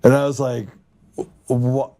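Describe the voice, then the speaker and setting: Male podcast host, mellow dark voice, loose anecdotal storyteller. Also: on the low side, a little fast. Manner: storytelling, laughs often, acts out quoted dialogue. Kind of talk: casual chat.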